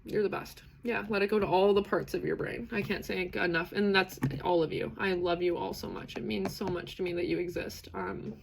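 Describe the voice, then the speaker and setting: A woman's voice: mid-range voice, fairly even intonation, brisk, vocal fry, few pauses, slight background noise. A woman in her thirties hosting a live self-acceptance session. She talks chattily, reads out chat comments, laughs often and rambles through restarts. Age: 30s. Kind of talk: casual live-stream talk, reading chat comments.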